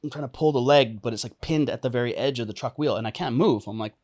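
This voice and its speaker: Young man as podcast guest, lively storyteller who laughs a lot and acts out the voices of the people in his story. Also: mid-range voice, quick pace. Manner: animated, laughs often, acts out quoted lines. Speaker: podcast guest, entrepreneur and coach. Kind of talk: casual storytelling interview.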